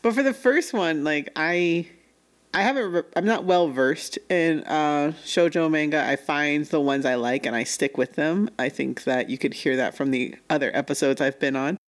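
A woman co-hosting a casual podcast chat about manga, animated, laughing often and acting out quotes. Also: low voice, moderate pace. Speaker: podcast co-host.

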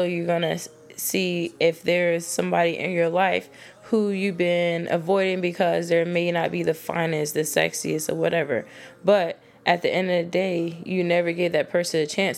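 A woman with a low, gravelly voice rants to the ladies about dating. Her talk is casual, blunt and full of swearing, and it keeps an animated edge as she warns women off bad men. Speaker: dating advice vlogger. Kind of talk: casual advice monologue to women.

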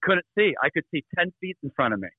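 A man, a guest in a radio interview, telling a personal story in an animated way and laughing between lines. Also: on the high side, fast talker, breathy edge, no room sound, narrow, tinny audio.

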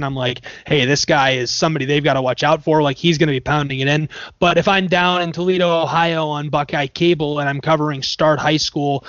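A man's voice: on the high side, dry recording. A man who works as a sports play-by-play commentator, chatting in an interview and explaining his craft with worked examples and restarts. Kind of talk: casual interview talk. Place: Michigan area. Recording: dry, dull lo-fi sound.

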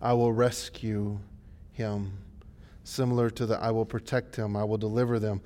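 A male pastor preaching a sermon, swinging from hushed, low passages to loud, rising exhortations. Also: level tone, normal speed.

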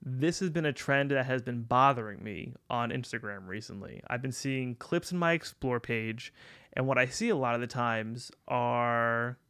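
A man's voice: mid-range voice, normal speed, fairly bright tone, clear, resonant tone. A young man co-hosting a podcast, talking in a loose, rambling way, swearing and laughing often. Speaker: podcast co-host. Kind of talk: casual podcast chat.

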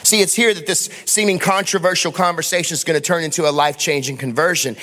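A man's voice: a little high, steady tone, fast, few pauses, sharp tone, big-room sound. A male pastor preaching a sermon in a church sanctuary, emphatic, with rhetorical questions and calls to the congregation.

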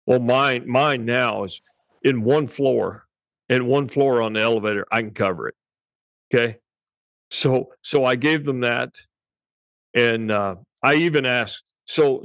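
A man's voice: mid-range voice, creaky, no echo. A man co-hosting a cattle-breeding podcast, telling a rambling story in casual chat and chuckling often.

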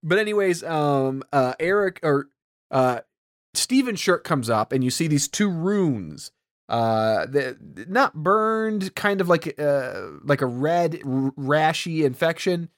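A man's voice: fairly high pitch, animated, slow, dry recording, clean studio sound. A man casually retelling a movie's plot, rambling with lots of ums and acting out the characters' lines. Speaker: podcast co-host. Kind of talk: casual movie recap chat.

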